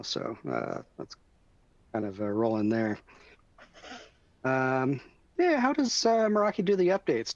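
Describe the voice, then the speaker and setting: A man's voice: medium pitch, no echo. Guy hosting a tech webinar, reads questions, lots of uh's, dry muffled sound. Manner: relaxed, many "uh" fillers. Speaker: webinar host. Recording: dry muffled webcast audio.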